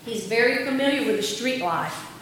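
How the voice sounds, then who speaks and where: A woman delivers a sermon in a slow, measured way, stressing key words for drama. Her voice sits a little high and rings through a large room with heavy echo and a long reverb tail. A faint hum of ambience sits underneath. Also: animated, a bit bright. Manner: slow, deliberate storytelling with dramatic emphasis. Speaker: preacher.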